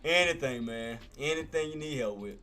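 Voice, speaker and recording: A man's voice: on the high side, lively intonation, normal speed, pushed and bright. A man hosting a live day-trading stream, talking in a casual, slangy way and calling his viewers boss and man. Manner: laid-back, slangy, calls listeners boss and man. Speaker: day-trading livestream host. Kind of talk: casual live market commentary.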